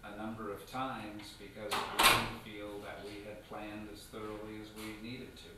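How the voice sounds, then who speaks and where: A man reflecting in a measured way on taking time to plan a building. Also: on the low side, level tone. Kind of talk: casual chat. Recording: echoey hall with loud noise, from far off.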